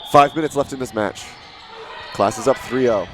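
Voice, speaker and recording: A man giving live play-by-play commentary, rising to shouts at big plays. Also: mid-range voice, moderate pace. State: out of breath.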